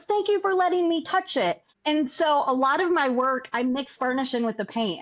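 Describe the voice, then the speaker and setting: A woman artist telling a story as a podcast guest, animated, acting out what people said. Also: on the high side. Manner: animated, acts out quoted dialogue. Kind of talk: casual interview storytelling. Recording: dull lo-fi audio.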